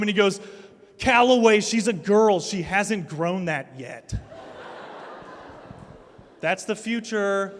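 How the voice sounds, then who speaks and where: A high-voiced man in his thirties preaches to students, spinning funny, self-mocking family stories into his message. His voice echoes through a large hall with long reverb, and a live audience is in the room. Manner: animated, self-mocking storyteller. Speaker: speaker at a student ministry night. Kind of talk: sermon with personal stories.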